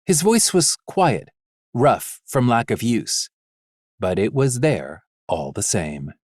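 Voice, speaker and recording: A man narrating a fantasy audiobook in an expressive, measured way. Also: mid-range voice, no echo, clean studio sound. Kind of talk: scripted narration.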